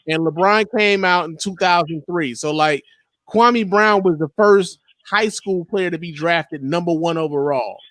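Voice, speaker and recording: High-voiced man in loud, laughing banter. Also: measured pace, dry recording. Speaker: podcast co-host. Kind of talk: casual sports chat.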